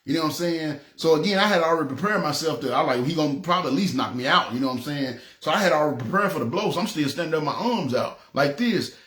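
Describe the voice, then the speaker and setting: A preacher from North Memphis with a Memphis Southern accent, telling his testimony in an animated way and acting out the voices he quotes. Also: fairly high pitch, fast, few pauses, roomy sound. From North Memphis, USA. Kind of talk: testimony storytelling.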